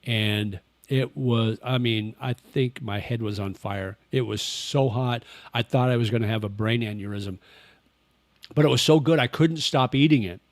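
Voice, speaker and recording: A man's voice: medium pitch, normal speed, no echo. An older man hosting a casual livestream, rambling easily and answering chat questions. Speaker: livestream host. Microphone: webcam with face tracking.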